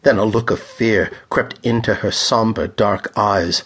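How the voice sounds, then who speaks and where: A man narrating a pulp thriller audiobook in a measured, dramatic reading style. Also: fairly low pitch, a bit bright, slightly rough.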